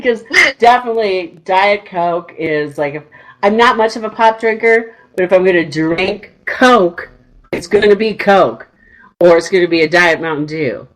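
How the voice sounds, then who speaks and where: A woman's voice: on the low side, moderate pace, poor audio. Bubbly chatty woman radio host. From northern United States. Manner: bubbly, laughs often, chatty storyteller. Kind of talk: casual radio chat.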